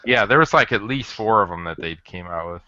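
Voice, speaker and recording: A man co-hosting a casual podcast chat, rambling and halting, restarting his sentences often. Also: lowish voice, expressive, bright, forceful tone. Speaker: podcast co-host. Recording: dull lo-fi dry audio.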